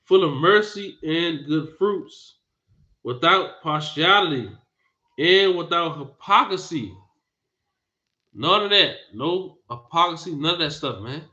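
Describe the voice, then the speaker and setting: Forceful scolding man preaching. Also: on the high side, lively intonation, takes it slowly. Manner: emphatic, repeats phrases, scolding. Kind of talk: bible teaching sermon. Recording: dull lo-fi recording.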